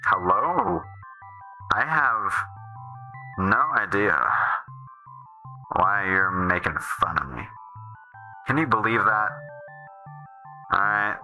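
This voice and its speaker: A man's voice: lowish voice, slow pace, long pauses, sharp tone, faint music behind, rough recording. A man streaming a game, chatting casually in a rambling way that keeps restarting and trailing off. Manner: rambling, self-interrupting, restarts often.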